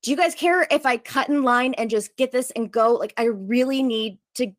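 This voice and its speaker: A woman telling a story in casual chat, fast and lively, full of likes, acting out what others said. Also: on the high side, no room sound, studio quality. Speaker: storyteller guest.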